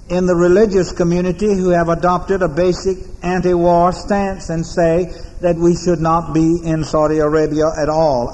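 American male pastor, high voice, solemn measured sermon delivery, long church reverb. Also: darkish tone. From United States. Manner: measured, solemn oratory with deliberate pauses. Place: large church sanctuary.

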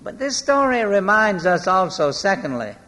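Bright-voiced male preacher in a hall. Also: high-pitched, sing-song. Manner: storytelling, slowing for emphasis. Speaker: pastor. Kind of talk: sermon. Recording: long hall reverb.

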